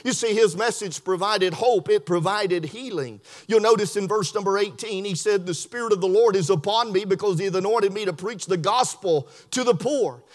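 A man's voice: high-pitched, normal speed, few pauses. A man preaching a sermon, telling folksy stories with repeated words and a homespun turn of phrase. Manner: folksy storytelling with repetitions and southern-style grammar.

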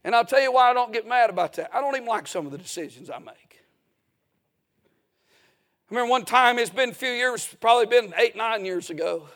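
A man's voice: very high voice, lively intonation, fairly quick, fairly bright tone. A man preaching a folksy, emphatic sermon as a pastor in a church.

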